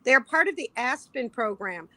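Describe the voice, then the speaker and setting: A woman guest advocate telling stories in relaxed, casual chat. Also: fairly high pitch, normal speed, no room sound.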